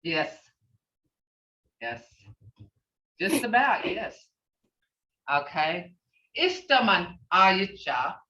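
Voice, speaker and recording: A woman teaching an online language class, she speaks slowly and patiently, repeating each phrase. Her voice is bright and lively in pitch. She sits away from the mic, and the dull call audio carries a roomy echo. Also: far from the mic.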